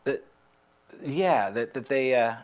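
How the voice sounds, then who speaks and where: A guest in casual conversation who talks haltingly, with many restarts, and laughs easily. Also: medium pitch, animated, darkish tone.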